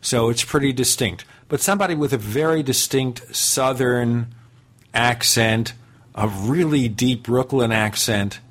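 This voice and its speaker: A man's voice: mid-range voice, a little slow, fairly bright tone. A man hosting a talk show, asking a guest questions and pushing back on his answers. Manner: inquisitive, pushes back with questions. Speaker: host. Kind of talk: interview conversation.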